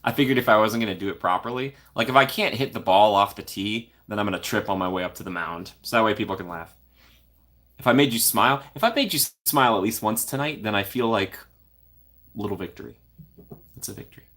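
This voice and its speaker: A man's voice: on the low side, quick pace, fairly bright tone. A young man hosting a casual livestream, playfully reading and answering viewer comments and laughing often. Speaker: livestream host.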